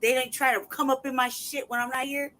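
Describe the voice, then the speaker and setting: A man holds forth on a casual livestream in a heated, profane torrent. His voice sits unusually high for a man. He reads documents aloud with open mockery. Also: flat delivery, a little fast, bright, forceful tone, poor audio. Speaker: livestream host.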